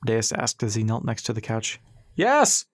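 A man narrating an audiobook in a steady, even storytelling voice. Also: fairly low pitch, a little fast, no echo, studio quality.

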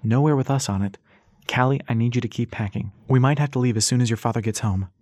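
A man's voice: medium pitch, fast talker, darkish tone, dry recording, lightly acted. A man voicing a curt, stern mother. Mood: firm. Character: stern middle-aged mother, protective and curt.

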